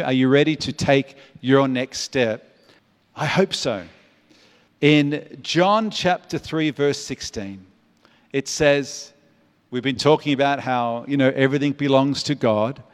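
A man's voice: mid-range voice, expressive, measured pace, long reverb tail. Fifty-something male pastor preaching. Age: 50s. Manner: repeats phrases for emphasis, earnest preaching. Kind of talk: sermon.

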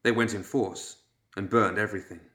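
A man reading a story aloud as audiobook narrator, measured and steady. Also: lowish voice, reverberant.

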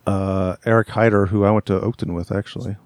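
A man's voice: fairly low pitch, fairly even intonation, a little fast, a little mellow, no echo, clean studio sound. A man co-hosting a podcast in a casual, laid-back way, reading out listener comments, swearing now and then and laughing often. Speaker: podcast co-host.

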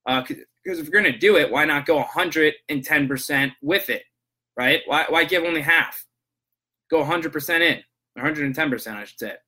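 Guy podcasting solo, bright voice, rambly storytelling, lots of restarts, earnest pep talk vibe. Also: a little high, a little fast. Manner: rambling, many restarts and "I'm like" asides; earnest, motivational. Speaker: podcast host. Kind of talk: casual monologue, storytelling about work calls.

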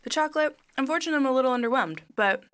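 A woman co-hosting a casual chat, telling stories in a chatty, animated way while she eats. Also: high voice, racing. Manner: chatty, animated storytelling with laughs.

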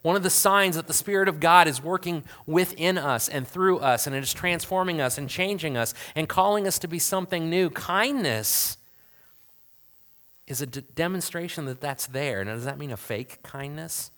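Bright-voiced man preaching a sermon. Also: on the high side, normal speed. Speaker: pastor.

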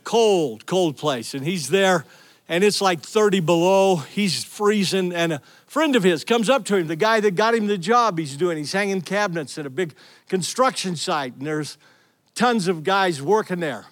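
A middle-aged male pastor preaches a sermon, telling stories with energy and calling out to his congregation. His voice sits high, and he speaks at a normal speed.

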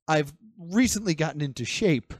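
A man's voice: on the high side, expressive, normal speed, dry recording, clean studio sound. A man hosting a casual podcast chat, joking and self-deprecating. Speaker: podcast host.

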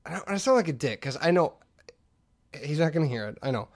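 A man on a casual comedy podcast, ranting with animated energy. His voice sits a little high for a man, and he keeps slipping into mocking impressions. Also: fast talker. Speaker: podcast co-host.

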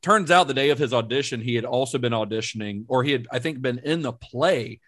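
A man in relaxed conversation on a film podcast, sharing trivia he has looked up. He laughs easily and keeps the chat loose, in a voice of ordinary middle pitch. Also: a little fast. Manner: relaxed, laughs often, recounts researched trivia. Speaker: podcast co-host.

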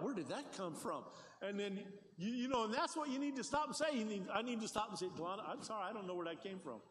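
High-voiced older male pastor preaching. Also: a little hiss or hum. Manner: conversational, animated, folksy asides. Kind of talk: sermon. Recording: long hall reverb, faint ambience.

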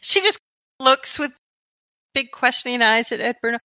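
A woman game master with a bright, forceful voice and a fairly high pitch, narrating scenes in an unhurried way. Her voice comes through a dry, slightly dull home mic. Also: animated, no echo.

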